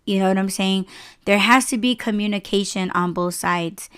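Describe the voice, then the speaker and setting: A woman's voice: medium pitch, moderate pace, fairly bright tone, clear, resonant tone. A young woman hosting a podcast, telling a personal work story casually and emotionally, with many fillers and restarts, close to tears. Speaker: podcast host.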